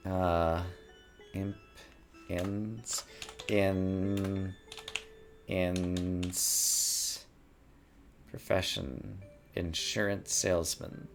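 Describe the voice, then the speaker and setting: A man's voice: sits low, little pitch movement, very slow, creaky, pauses often, soft background music. A man thinking aloud as he plays a word puzzle game, musing and muttering words over to himself at a desk mic. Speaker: gaming YouTuber.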